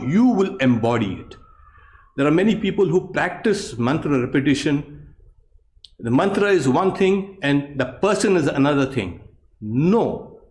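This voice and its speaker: Slow, measured male meditation teacher. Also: mid-range voice, a little mellow. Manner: slow, measured and explanatory, with many pauses and fillers. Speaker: yoga teacher, monk. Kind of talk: meditation class instruction. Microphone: online class recording.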